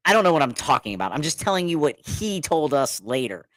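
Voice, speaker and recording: A middle-aged man telling a story in casual chat, animated, laughing often and acting out what others said. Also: a little high, quick pace, no room sound. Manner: animated, laughing, repeats words, acts out quotes.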